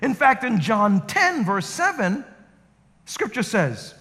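A male guest preacher with a strikingly high voice delivers a sermon full of animated storytelling. His pitch rises and falls in a lively way. The sound carries the long reverb of a large church hall. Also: slow. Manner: animated storytelling with acted quotes. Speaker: guest pastor. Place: church sanctuary.

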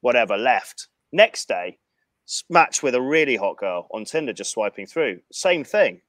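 A man telling a profane anecdote in casual chat, animated and frank. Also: mid-range voice, brisk, no room sound. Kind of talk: casual storytelling.

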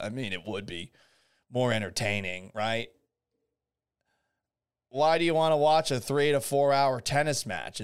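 A man's voice: mid-range voice, clean tone. A man hosting a live-streamed podcast, talking in a rambling, sarcastic and profane way. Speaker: podcast host. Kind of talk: casual live-stream commentary.

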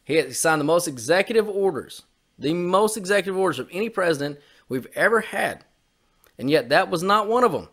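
A man's voice: high voice, expressive, a little fast, a bit bright. Heated, foul-mouthed man ranting. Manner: heated, profane, repetitive swearing. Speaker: podcast co-host. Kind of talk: opinionated political rant.

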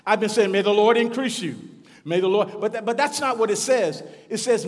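A man preaching a sermon as pastor, building up to shouted repeated lines and calling on the congregation to answer back. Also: sits high, fairly quick, big-room sound. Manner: call-and-response preaching, rising to shouts and repeating phrases. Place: church.

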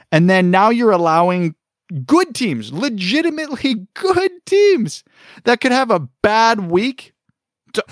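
A man's voice: mid-range voice, a bit bright, no room sound, clean studio sound. A man co-hosting a hockey podcast, ranting heatedly and emphatically in casual talk. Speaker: podcast co-host.

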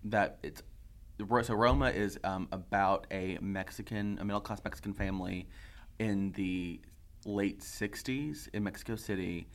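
A man with a very deep voice chatting casually as a co-host. He explains things at length, often stopping to hunt for the right word. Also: a little slow. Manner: searching for words, explanatory. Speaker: podcast co-host. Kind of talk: casual chat.

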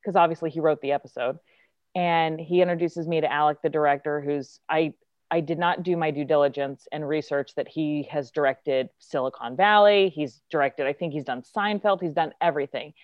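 A woman's voice: low voice, a little fast, no echo, highs cut off. A woman actress, a guest telling a casual, chatty story and acting out the quotes. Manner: chatty, lots of filler likes, acts out quotes.

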